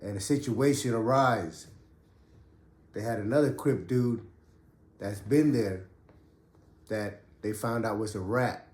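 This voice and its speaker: A man's voice: lowish voice, slow, long pauses, darkish tone. Man telling a prison story, echoey room. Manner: street slang, loose and conversational. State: coughing, getting over a cough. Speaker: podcast host and ex-prisoner. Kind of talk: casual storytelling.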